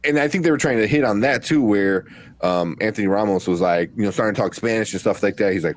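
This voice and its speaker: A man's voice: on the low side, quick pace. A man co-hosting a live movie review show, talking casually and rambling with many restarts and fillers. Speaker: podcast co-host.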